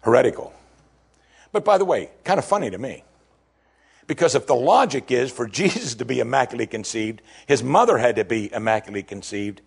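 Male pastor, middle-aged, husky, lively delivery; sermon read. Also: medium pitch, brisk. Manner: animated, emphatic, acts out quoted lines.

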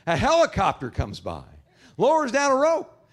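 Male pastor, sermon delivery with a fairly high, expressive voice that swings wide; animated storyteller, soft in prayer. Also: creaky. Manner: animated storyteller, acts out characters in jokes; soft, slow earnest prayer.

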